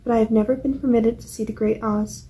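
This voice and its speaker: A friendly, talkative farmer, as a woman reads him aloud in a storybook. He explains things earnestly in a mellow, somewhat high voice. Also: steady tone, fast, close to an everyday voice, rough recording. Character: curious country farmer man, friendly and talkative.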